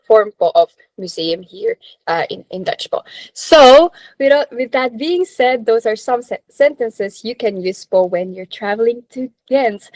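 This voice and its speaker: A woman's voice: mid-range voice, a little mellow, no echo, rough recording. A woman, co-hosting a live radio show, reading listener comments and teaching phrases in a chatty, laughing way. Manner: chatty, laughs often, sprinkles polite Filipino particles.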